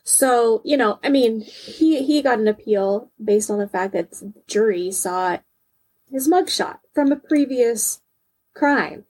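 A woman's voice: a little high, slow pace, a little mellow, breathy edge, low-quality recording. A woman co-hosting a true-crime podcast in casual chat, reading case details aloud in between. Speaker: podcast co-host.

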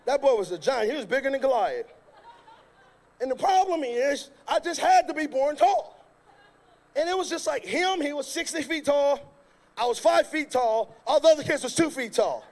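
High-pitched male preacher who tells jokey stories in his sermon, lively and loud at times. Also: moderate pace. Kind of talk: sermon with comic storytelling.

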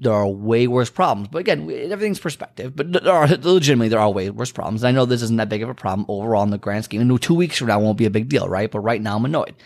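A man hosting a solo podcast, rambling and venting before turning motivational. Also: medium pitch. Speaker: podcast host. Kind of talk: casual solo podcast monologue.

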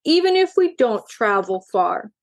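A woman's voice: fairly high pitch, very animated, unhurried, dry recording, clean studio sound. A woman reading a storybook, voicing a mild, patient father cat in nearly her own voice. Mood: gentle.

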